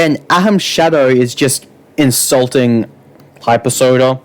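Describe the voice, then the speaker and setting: A man's voice: mid-range voice, measured pace, a little mellow. A man ranting through online drama commentary, exasperated and sarcastic, swearing often. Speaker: YouTube commentator.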